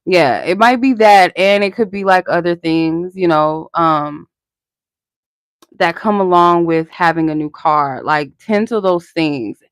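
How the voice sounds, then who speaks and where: A woman's voice: lowish voice, unhurried, no echo, studio quality. A young woman hosting a live-stream tarot reading, chatty and rambling, answering her chat and laughing often.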